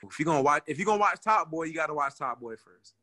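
A man's voice: fairly high pitch, fast talker. A man in casual chat, telling stories with lots of energy and plenty of swearing. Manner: animated storyteller, swears freely.

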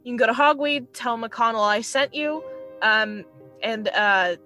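A woman voicing a kindly grown man who speaks in a soft, gently explaining way. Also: on the high side, a little slow, faint music behind. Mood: instructing.

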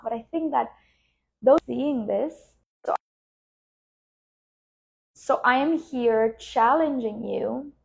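A woman podcast host and business coach, speaking slowly and soothingly as she guides a relaxation and coaching reflection. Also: on the high side, gravelly, darkish tone.

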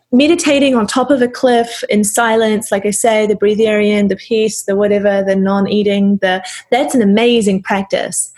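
A woman with a husky, breathy voice speaks reflectively about relationships and emotions. She laughs easily and keeps the tone casual. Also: on the high side, a little mellow. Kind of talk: casual spiritual conversation.

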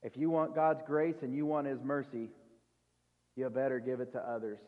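A man preaching a sermon in a conversational way, with rhetorical questions and quick asides to the congregation. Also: medium pitch, little pitch movement. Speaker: pastor. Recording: tinny phone-like sound in a reverberant hall.

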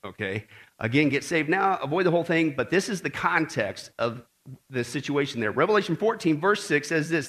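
A male pastor delivering a sermon to a congregation, his voice high and bright, swinging widely in pitch as he goes. He reads scripture and breaks off to joke with the people in the room. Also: brisk. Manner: animated, joking with the congregation.

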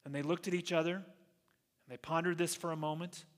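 A male pastor preaching a sermon in an earnest storytelling way, slowing down to stress key phrases. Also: on the high side, fairly even intonation. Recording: long reverb of a large hall.

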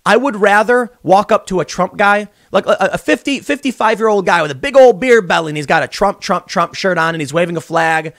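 A young man hosts his podcast from a small closet studio, and his voice sits a little high for a man, swinging widely up and down as he rants. He rambles and restarts his sentences, piling on opinion, and the sound is close and dry with no room echo. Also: fairly quick, hardly any pauses. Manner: animated and rambling, with many restarts. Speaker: podcast host. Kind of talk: opinionated political commentary.

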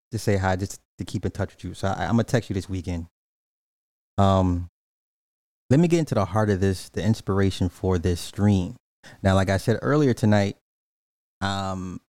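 A man's voice: lowish voice, darkish tone, no room sound, studio quality. A man livestreaming in casual slang, joking with and roasting the people in his chat.

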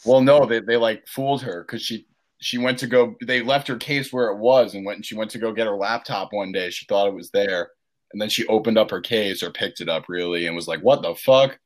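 A man chatting as a podcast guest, telling a story in a relaxed way. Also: fairly low pitch, fairly quick. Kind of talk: casual storytelling.

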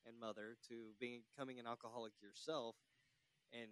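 A man's voice: mid-range voice, flat delivery, brisk, fairly bright tone, clear, resonant tone, no echo. A man hosting a podcast interview, asking a long, rambling question with restarts. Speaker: podcast host.

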